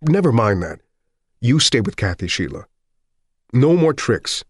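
A man's voice: lowish voice, animated, normal speed, no room sound, clean studio sound. A man reading an audiobook voices a desperate, bitter working-class husband who sounds tense and pleading.

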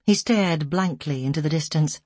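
A woman narrates a story in a slow, somber way, her voice lowish and husky. The recording is close and dry. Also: a little mellow, no room sound. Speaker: audiobook narrator. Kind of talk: scripted narration.

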